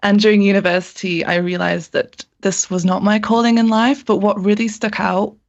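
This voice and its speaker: A woman's voice: medium pitch, little pitch movement, normal speed. Enthusiastic young woman guest, lo-fi. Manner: warm, enthusiastic, a few ums. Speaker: podcast guest. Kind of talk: interview conversation.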